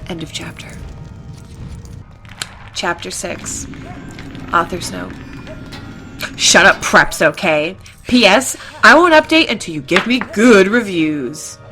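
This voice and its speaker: A woman's voice: fairly low pitch, lively intonation, slow pace, pauses often. Wry young woman reading over music. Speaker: reader. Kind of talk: comedic fanfiction reading.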